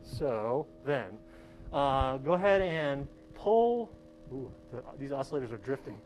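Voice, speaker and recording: A man's voice: mid-range voice, very animated, a little slow, a little mellow, soft background music, poor audio. A male professor giving a casual, hands-on classroom demonstration and checking in with his students with a frequent "okay?". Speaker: college professor.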